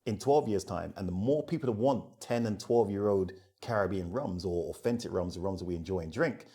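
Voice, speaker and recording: Lower-pitched, animated middle-aged man storyteller. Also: brisk. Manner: animated storyteller who acts out dialogue and laughs often. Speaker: rum ambassador, interview guest. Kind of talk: conversational interview.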